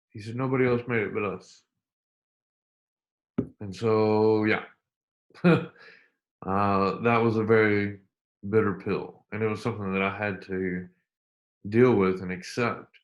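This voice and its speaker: Middle-aged man, low voice, earnest interview guest; repeats himself, slows for emphasis. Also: a bit bright. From United States. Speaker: interview guest, army veteran. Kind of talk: candid storytelling interview.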